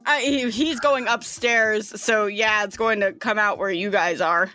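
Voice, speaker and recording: A woman's voice: mid-range voice, unhurried, bright, forceful tone, faint music behind. Chatty woman running a game. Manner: chatty, loose narration with fillers. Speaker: game master. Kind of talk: narrating a tabletop game.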